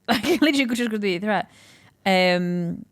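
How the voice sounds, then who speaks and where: A woman in her thirties, a comedian guest chatting casually, with dry deadpan humour. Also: medium pitch, normal speed. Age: 30s. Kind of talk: casual chat.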